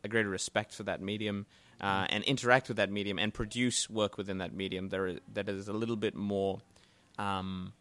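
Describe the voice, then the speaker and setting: A man's voice: fairly low pitch, level tone, fairly quick, few pauses, a bit bright. A man hosting a live podcast in casual chat, rambling with many fillers. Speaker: podcast host. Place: bookstore, live event.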